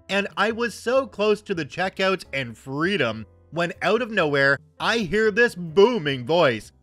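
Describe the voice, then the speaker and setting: A man in his thirties reads online stories aloud and adds wry, joking commentary in a casual way. His voice is a little high with a fairly bright tone, and there's no echo.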